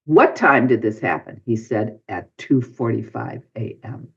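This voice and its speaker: A man's voice: mid-range voice, a little slow, creaky, a bit bright, breathy edge. A man guest on a podcast, telling a personal story and acting out his own past lines with big swings of voice. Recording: dull lo-fi podcast audio.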